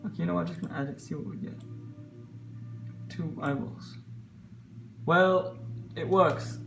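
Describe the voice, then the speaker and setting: Gravelly man muttering through a tutorial. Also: on the high side, moderate pace, pauses often, over music. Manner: muttering to himself, frustrated, joking. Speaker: tutorial host. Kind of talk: casual screen-recorded software tutorial.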